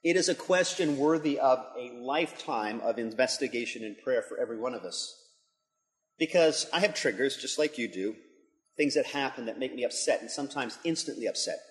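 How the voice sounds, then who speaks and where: A man's voice: mid-range voice, a little fast. A middle-aged man, a pastor and school leader, giving an earnest devotional talk that builds to emphatic intensity. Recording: long hall reverb.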